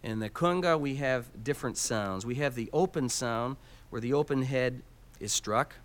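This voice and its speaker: Loud background noise runs under this clip of a man demonstrating Latin percussion. His mid-range voice moves at normal speed as he breaks down each instrument step by step and counts out the beats aloud.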